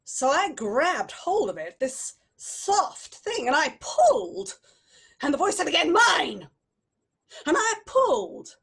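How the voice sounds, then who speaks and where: A woman improvising a story live, telling it dramatically with long pauses. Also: extremely high pitch, sing-song, gravelly.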